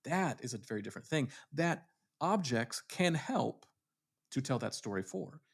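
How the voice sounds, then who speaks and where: This co-host, a theatre director, chats casually and reflectively, repeatedly restarting sentences as he gropes for words. His mid-range voice is expressive, gravelly and slightly rough, delivered at a normal speed.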